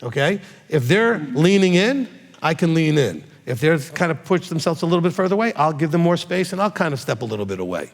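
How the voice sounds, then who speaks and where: Animated rabbi in a reverberant hall. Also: male voice, a little high, fast, creaky. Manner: direct, animated, checks in with frequent "okay?". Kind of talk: answering congregants' questions.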